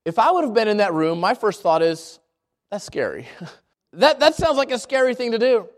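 Guy preaching w a really high voice, earnest, keeps restarting his words. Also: big pitch swings, a little fast. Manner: earnest, repeats and restarts phrases. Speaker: pastor. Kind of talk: sermon.

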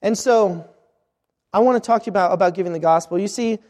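A man's voice: high voice, fast, darkish tone. A man preaching a sermon at a missions conference, earnest, often repeating words as he restarts his phrases. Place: church hall at a missions conference. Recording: reverberant hall.

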